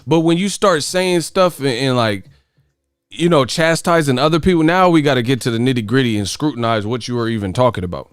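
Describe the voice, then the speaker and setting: Here a grown man hosting a boxing stream jokes and swears his way through reactions to chat, laughing as he goes. His voice sits mid-range, runs a little fast, and comes through with a clean tone in an echo-free studio recording.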